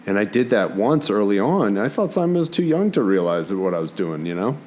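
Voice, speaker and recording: A man from the Philadelphia area, a podcast guest telling stories in casual conversation and jumping into high voices when quoting himself. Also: big pitch swings, fairly quick, slight background noise. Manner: warm storyteller, jumps into high quoted voices.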